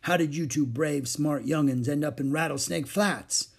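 A man's voice: a little high, moderate pace, creaky, husky. A man voicing a friendly, drawling cowboy in a storybook reading. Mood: folksy. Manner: folksy western drawl. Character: friendly drawling adult cowboy, gruff and kind.

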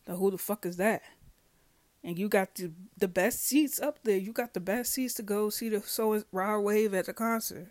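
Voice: medium pitch, moderate pace, dry recording. A podcast host talking casually and at length, swearing freely and acting out conversations while telling a story. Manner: profane, storytelling, acts out dialogue; rambling, self-correcting. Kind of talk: casual discussion monologue.

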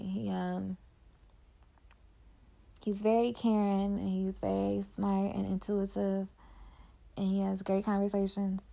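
A young woman podcaster with a warm, medium-pitched voice and vocal fry reflects casually on personal matters. She's candid and heartfelt, and "like" fills much of what she says.

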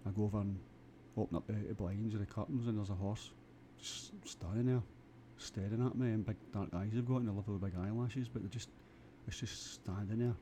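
A Scottish man rambles through a comic monologue, crude and full of repeated restarts. His voice is lowish and very dark and mellow. Faint background noise runs behind him. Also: fairly even intonation, a little fast, few pauses. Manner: crude, with frequent stammered restarts. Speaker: vlogger.

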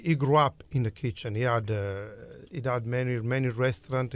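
Sicilian-accented middle-aged man, halting speech. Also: mid-range voice, faint music behind. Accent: Sicilian Italian. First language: Italian. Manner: hesitant, halting with many fillers. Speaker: restaurant owner. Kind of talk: casual interview.

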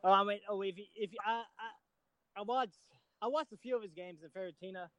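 A man on a football discussion panel who speaks hesitantly, with many pauses and restarts. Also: high-pitched, a bit bright, no echo, poor audio. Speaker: podcast panelist.

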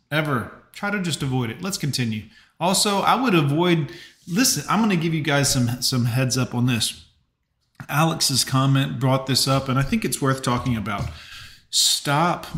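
A man hosting a casual live reaction stream, chatting with viewers and giving blunt advice. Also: mid-range voice. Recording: roomy echo.

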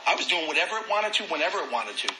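A man candidly telling his own recovery story, animated and self-deprecating. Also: fairly high pitch, very fast, slight background noise, low-quality recording. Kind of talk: personal testimony talk.

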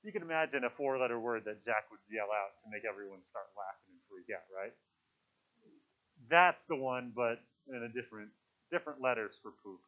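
A man's voice: mid-range voice, lively intonation, a little fast. A man reading a novel aloud to a class, with casual asides. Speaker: teacher. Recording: dull lo-fi recording.

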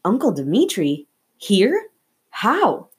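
A woman's voice: fairly low pitch, moderate pace, a little mellow, lightly acted. A young boy, frightened yet determined, pleads in a slightly raised, breathless voice, as a woman reading the novel puts him on. The lift is small; it stays close to a plain read-aloud. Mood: stunned.

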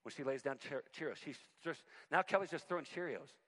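A man in his forties preaching a sermon, telling personal stories in an animated, conversational way with self-deprecating humor. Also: on the high side, brisk. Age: 40s. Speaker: pastor.

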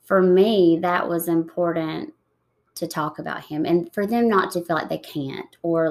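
A woman in her thirties, soft-spoken and reflective, talking slowly with pauses in an emotional interview. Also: fairly low pitch. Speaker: guest.

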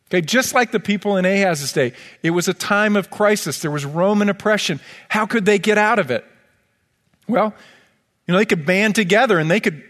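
A male pastor delivers an earnest, pleading sermon, weaving in scripture. His voice sits a little high for a man. The sound carries a long reverb from the church sanctuary. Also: a bit bright.

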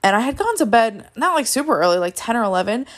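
A woman's voice: fairly high pitch, big pitch swings, fast. A young woman hosting a solo podcast, talking candidly and ranting with lots of swearing and filler words. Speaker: podcast host. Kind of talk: casual solo podcast monologue.

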